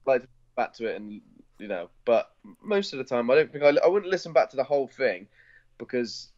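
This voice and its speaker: A man's voice: mid-range voice, big pitch swings, a little fast, darkish tone, highs cut off. A man with a Bristol accent co-hosting a podcast, rambling and teasing in casual chat. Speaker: podcast co-host.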